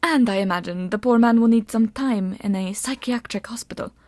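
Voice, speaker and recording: A woman's voice: fairly high pitch, fairly quick, a little mellow, dry recording, natural voice. Woman voicing a sneering sorceress. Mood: silky scheming. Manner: sneering and condescending. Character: haughty scheming sorceress woman, mocking.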